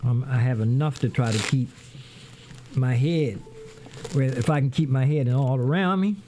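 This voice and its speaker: A middle-aged man hosting a casual livestream from his home studio, rambling to his viewers while he sets up music software. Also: mid-range voice, normal speed, background noise. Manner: rambling, talks to viewers as "y'all".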